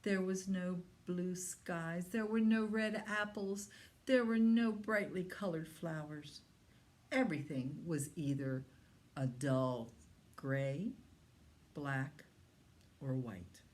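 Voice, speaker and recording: A woman librarian reading a story aloud to young children in an expressive storytime manner. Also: fairly low pitch. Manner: slow, expressive, talks to young listeners.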